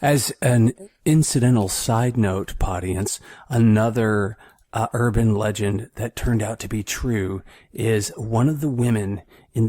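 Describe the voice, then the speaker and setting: A man's voice: on the low side, measured pace, dark tone, no room sound. A man co-hosting a podcast, making dry, laid-back remarks in casual chat. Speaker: podcast co-host.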